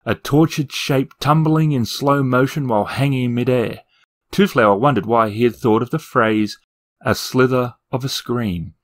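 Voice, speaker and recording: A man reading a fantasy novel aloud with expressive storytelling and wry asides. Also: medium pitch. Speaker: narrator and reviewer.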